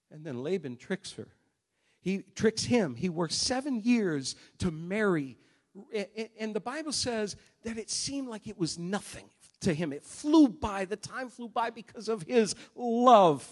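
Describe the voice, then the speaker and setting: Animated high-voiced male preacher. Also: measured pace. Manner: animated, swings between loud and hushed. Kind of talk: sermon storytelling.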